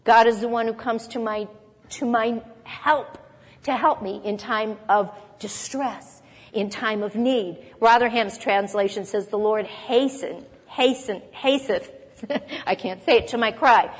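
Woman, preacher, earnest Bible teaching, higher voice, long hall reverb. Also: measured pace, slightly rough. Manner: earnest teaching, reads scripture aloud, occasional light laugh. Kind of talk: sermon.

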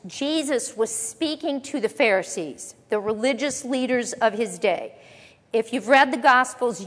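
A woman teaching a conversational Bible lesson, reading verses and explaining them with relaxed, playful asides. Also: fairly high pitch. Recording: long reverb of a large hall.

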